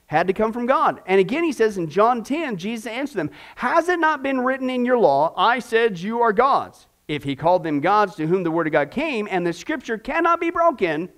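A man's voice: high voice, very animated, normal speed, few pauses, fairly bright tone. A man teaching a Bible class in a chatty way, full of corny asides and rhetorical questions.

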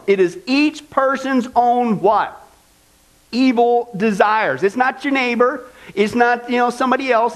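A man preaching a sermon as pastor, emphatic, firing rhetorical questions at the congregation. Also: high-pitched.

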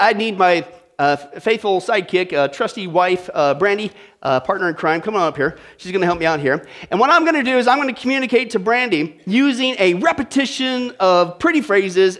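High-voiced man preaching with humor. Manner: animated, humorous, talks straight to the audience. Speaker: pastor. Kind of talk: sermon.

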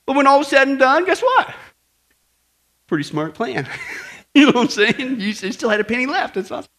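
A man preaching a sermon in a folksy, animated way, full of rhetorical questions and a told joke. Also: extremely high pitch, brisk. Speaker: pastor.

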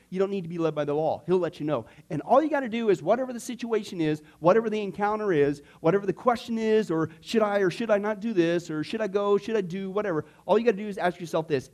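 High-voiced pastor teaching scripture. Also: male voice. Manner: animated, frequent "okay?" asides, acts out inner voices. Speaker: pastor teaching a discipleship class. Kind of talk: conversational Bible teaching.

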